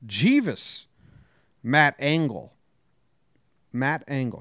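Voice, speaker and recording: A man hosts a casual sports podcast, grumpy and blunt, swearing now and then. His voice is smooth and clean at a medium pitch. The recording is dry and close. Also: animated, unhurried, no echo. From New Jersey. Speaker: podcast host.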